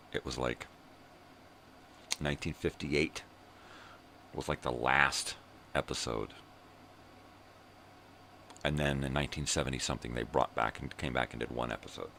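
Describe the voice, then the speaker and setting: An older man from Southern California, hosting a rambling morning video monologue in a profane, ranting way with drawn-out fillers. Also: rumbling low, vocal fry, fairly bright tone, a little hiss or hum. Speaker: vlog host.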